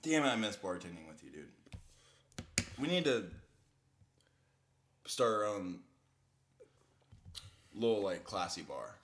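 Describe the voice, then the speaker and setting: A man's voice: fairly low pitch, slow pace, long pauses, slight background noise. A man co-hosting a casual chat, crude and joking, telling stories with lots of put-on voices. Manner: crude, joking, animated storytelling.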